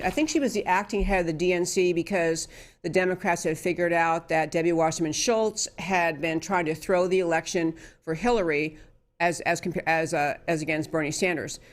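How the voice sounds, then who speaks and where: Emphatic woman hosting a political talk show. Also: on the low side. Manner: emphatic, with frequent restarts and fillers. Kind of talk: conservative political commentary.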